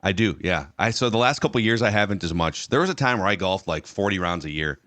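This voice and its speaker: A man's voice: sits low, animated, fast, a bit bright, dry recording. A man hosting a podcast in casual chat, teasing his co-hosts wryly and steering the conversation. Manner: wry, teasing, steering the talk. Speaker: podcast host. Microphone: studio microphone.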